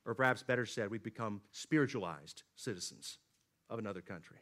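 A man preaching a sermon, swinging from loud emphatic lines to low, quiet drops. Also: brisk. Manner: dynamic preaching, rising emphatic then dropping low and quiet. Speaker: pastor.

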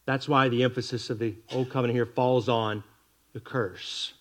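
A man preaching an expository sermon, reading scripture slowly and with weight, with wry asides to the congregation. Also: medium pitch, fairly even intonation, a bit bright.

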